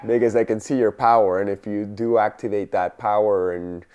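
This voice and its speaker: A man's voice: on the low side, steady tone, moderate pace, a little mellow, smooth, muffled recording. A man hosting a podcast interview, encouraging and reflective, with many short affirmations. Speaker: podcast host. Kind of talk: casual interview chat.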